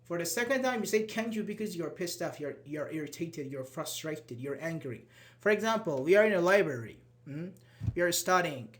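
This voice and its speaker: Guy teaching english grammar, kinda high voice, patient, acts out annoyed examples. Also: expressive, moderate pace. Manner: explains patiently, acts out irritated example lines. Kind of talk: live online grammar class.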